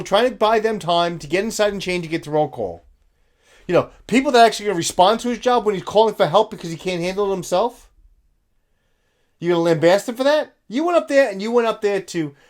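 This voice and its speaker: A middle-aged man giving blunt, profane reaction commentary in a lecturing tone. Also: sits high.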